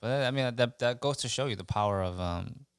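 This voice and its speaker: A man's voice: medium pitch, a little fast, clear, resonant tone, dry recording, studio quality. A man chatting casually on a podcast, loose and profane, with lots of "yeah" fillers. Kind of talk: casual chat.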